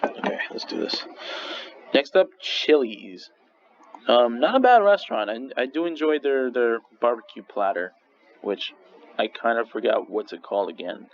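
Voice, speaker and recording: A man's voice: medium pitch, lively intonation, moderate pace. A young man casually ranking restaurants in a rambling, swearing vlog monologue full of restarts. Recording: slightly dull lo-fi recording with faint noise.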